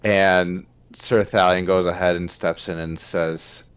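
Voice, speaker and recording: Deep slow guy playing his knight at a tabletop game, smooth clear voice, lots of uhs. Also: little pitch movement. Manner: hesitant, many fillers. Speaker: player voicing a knight. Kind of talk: tabletop role-play narration.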